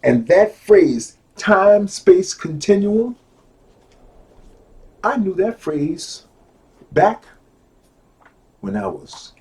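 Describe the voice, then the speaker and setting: A middle-aged man giving a lecture from a book, repeating key phrases slowly and swinging from low asides to loud exclamations. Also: sing-song.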